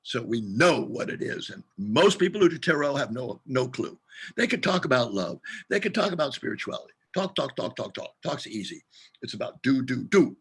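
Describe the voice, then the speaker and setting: A man's voice: mid-range voice, sing-song, brisk, fairly bright tone, breathy edge. A man leading a group tarot session over a video call, talking in an emphatic, playful and exhorting way.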